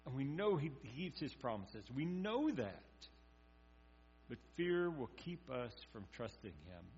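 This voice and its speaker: Man preaching, muffled with hum. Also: medium pitch. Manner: conversational preaching, acts out quotes, drops to quiet intensity. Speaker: pastor. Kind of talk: sermon. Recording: dull muffled sound with mains hum.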